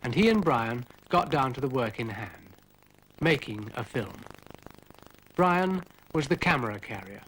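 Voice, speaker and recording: A man's voice: mid-range voice, lively intonation, measured pace, pauses often, a bit bright, slight background noise, rough recording. A man narrating a cartoon story in a dry, droll way.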